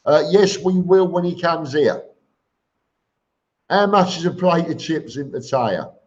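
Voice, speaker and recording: A man's voice: a little high, unhurried. A middle-aged man with a Cockney accent, chatting bluntly as he reads out viewer comments on a live stream. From England. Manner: blunt, plain-spoken, with many ums and repeated words. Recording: dull lo-fi stream audio.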